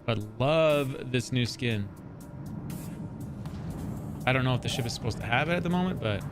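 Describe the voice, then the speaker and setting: A man hosting a live gaming stream, chatting casually and excitably, with strong opinions. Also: mid-range voice, normal speed, over music. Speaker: livestream host.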